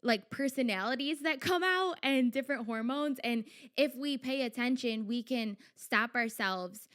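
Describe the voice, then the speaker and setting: Young woman rambling on her podcast, smooth clear voice, bit high, lots of "like"s. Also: moderate pace. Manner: chatty, animated, frequent "like" fillers and self-quotes. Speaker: podcast host. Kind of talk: casual solo podcast talk.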